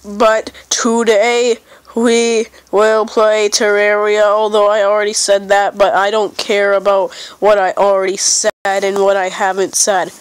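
A woman's voice: medium pitch, flat delivery, measured pace, smooth, dry recording, poor audio. A young woman with a stuffy nose giving silly, rambling commentary while playing a game. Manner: silly, rambling, playfully dramatic. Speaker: gamer. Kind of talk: casual gameplay commentary.

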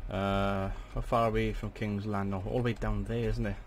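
Young man, lowish voice, let's play commentary, chatty, bursts of excited swearing, desk mic. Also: moderate pace, slight background noise. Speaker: gaming channel host.

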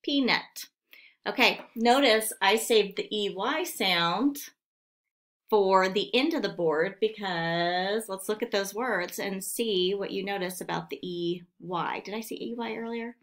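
Slow, patient woman teaching phonics. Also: mid-range voice, a bit bright. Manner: patient, sounding out words slowly. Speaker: second grade teacher. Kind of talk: remote phonics lesson.

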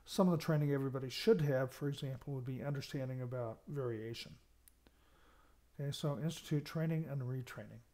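Here a US university lecturer covers management in a recorded lecture, using a mellow, medium-pitched voice at a slightly fast pace. He explains points carefully, stresses important words, and repeatedly checks in with "okay."

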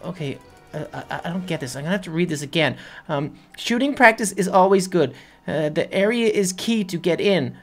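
Excitable, stammering woman narrating a game. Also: on the low side, fairly quick, faint music behind. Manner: excitable, rambling, nervous stammering. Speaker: game video host playing a character. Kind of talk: game let's-play narration.

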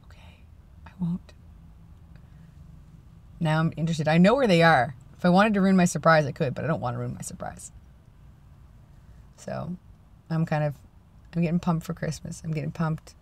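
A man's voice: on the high side, fairly quick, vocal fry, long pauses. A young man in his twenties, vlogging casually in a rambling, self-deprecating way. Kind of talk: casual vlog chat.

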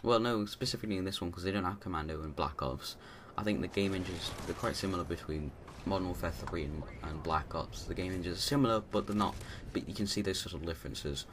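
A man's voice: deep voice, fast, few pauses, noisy background. A man giving rambling, casual commentary over his own gameplay, full of restarts and fillers.

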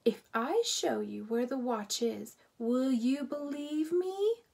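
A woman's voice: high-pitched, takes it slowly, vocal fry, a little mellow, husky, exaggerated voice. A woman voicing a small, bold talking mouse boy who is eager and indignant in a storybook reading. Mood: insistent.

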